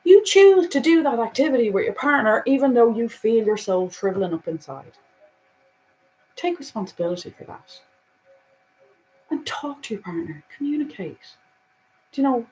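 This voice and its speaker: Woman reading oracle cards; earnest, repetitive, drops to a hush then rises emphatically. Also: on the high side, lively intonation, moderate pace, long pauses, a little hiss or hum, poor audio. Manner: earnest, repetitive "you know" fillers; swings between hushed and emphatic. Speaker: spiritual card reader.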